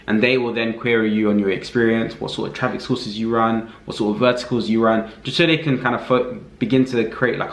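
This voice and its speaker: Lowish-voiced man in a roomy echo. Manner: relaxed, thinking aloud with many fillers. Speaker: affiliate marketing reviewer. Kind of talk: casual screen-recorded walkthrough.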